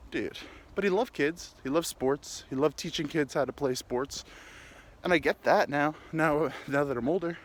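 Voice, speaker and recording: A man's voice: on the high side, normal speed, a little hiss or hum. A man hosting a podcast, rambling through a candid, crude comic monologue while walking uphill, slightly out of breath. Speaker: podcast host. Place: outdoors, walking.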